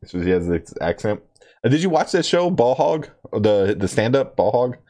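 A man's voice: mid-range voice, moderate pace. A man hosting a podcast, chatting casually about comedy specials, laughing often and filling his talk with "like" and "you know". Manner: animated, laughs often, many fillers. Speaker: podcast host. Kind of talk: casual chat.

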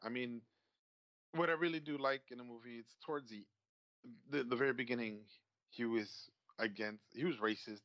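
A man's voice: mid-range voice, normal speed, a bit bright, dry recording, muffled recording. A man in casual chat about a movie he watched, often repeating words and restarting his sentences. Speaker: movie discussion co-host.

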